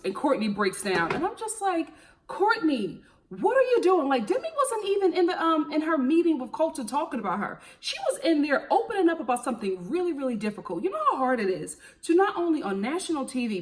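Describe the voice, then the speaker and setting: Young woman with a Philly accent, sassy TV recap vlogger, slightly high voice, lots of slang. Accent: Philadelphia. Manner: sassy and animated, drops slang like honey and girl. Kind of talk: casual opinionated TV recap.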